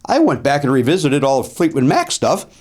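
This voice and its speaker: A middle-aged male comedian and host telling a story in a lively monologue, full of ums and uhs, pushing his voice up to stress the punchlines. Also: brisk. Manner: animated, swings pitch up for emphasis, filler-heavy.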